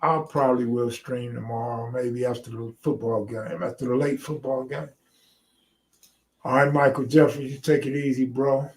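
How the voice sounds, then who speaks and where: A man's voice: medium pitch, flat delivery, normal speed. A man hosting a live stream, talking loosely and laid-back with slang. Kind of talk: casual chat.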